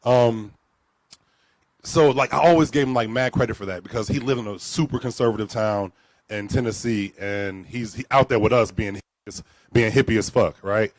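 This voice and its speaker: A man telling a story live on stage at a storytelling event, profane and animated, acting out both sides of a conversation. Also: lowish voice, moderate pace, dry recording. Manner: animated, profane, acts out dialogue.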